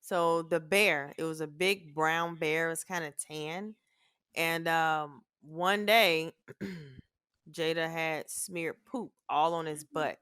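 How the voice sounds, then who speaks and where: A woman's voice: low-pitched, fairly even intonation, slow, a bit bright, clear, resonant tone, dry recording, clean studio sound. A middle-aged woman, a mother co-hosting a family podcast, telling stories in casual chat with lots of swearing, acting out her own reactions as she goes.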